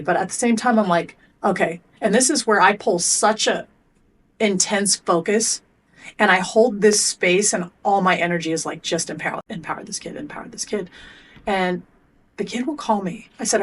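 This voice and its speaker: A middle-aged woman being interviewed as a performance coach, telling blunt stories and acting out both sides of conversations. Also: medium pitch. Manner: animated storyteller acting out coach and athlete exchanges; blunt, swears casually. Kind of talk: podcast interview.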